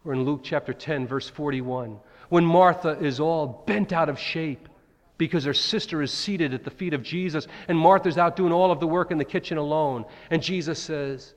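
A man's voice: a little high, normal speed. A man preaching a sermon, dramatically acting out the cries of Bible figures. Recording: long hall reverb.

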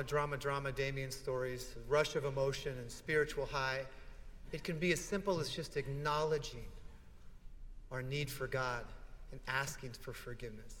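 A male pastor preaching with a fairly high voice, warm in his storytelling, falling to a hush at key moments. The church hall leaves a long echo behind every phrase. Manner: heartfelt storytelling, with dramatic pauses and hushed drops. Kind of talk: sermon.

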